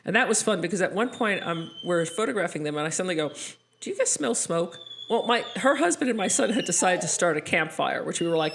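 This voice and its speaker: A woman co-hosting a podcast, telling stories in a lively way and laughing often. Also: lowish voice, fast talker, vocal fry, a little hiss or hum. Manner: animated storyteller, laughs often. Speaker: podcast co-host. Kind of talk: casual storytelling chat.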